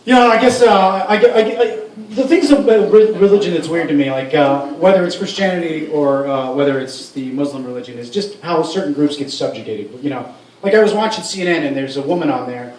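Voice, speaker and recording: A man's voice: on the high side, brisk, darkish tone. A man doing a stand-up comedy set in a club, rambling and profane with many restarts. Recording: roomy room sound from a far mic.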